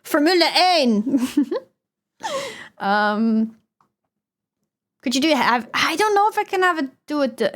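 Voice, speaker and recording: A young woman speaks English with a Dutch accent in a relaxed livestream chat. Her voice sits a little high, and she rambles, swears casually and laughs between thoughts while reading chat. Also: slow pace, long pauses. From Netherlands. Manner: chatty and loose, swears, laughs often. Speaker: streamer.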